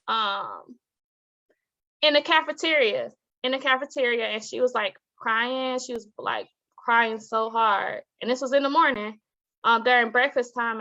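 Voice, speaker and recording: A woman, a teacher and author, talking as an interview guest, telling stories with lively acted-out quotes and frequent laughter. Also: a little high, lo-fi sound. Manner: animated storytelling, acts out quoted voices, laughs often. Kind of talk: casual interview talk.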